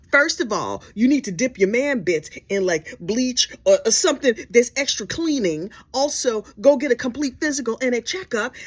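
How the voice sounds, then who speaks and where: A woman telling a gossip story in casual storytelling style, animated and sassy with dramatic asides. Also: mid-range voice, husky.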